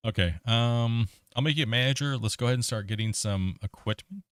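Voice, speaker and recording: A man's voice: medium pitch, brisk, fairly bright tone, clean tone, no room sound, clean studio sound. A man hosting a gaming livestream, rambling casually and chuckling as he talks to his chat.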